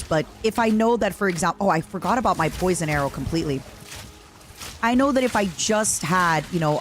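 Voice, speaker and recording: A young woman streaming a video game, chatting in a rambling, casual way and answering her viewers. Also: on the low side. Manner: rambling, chatty, reads out chat messages. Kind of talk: casual chat while playing a video game.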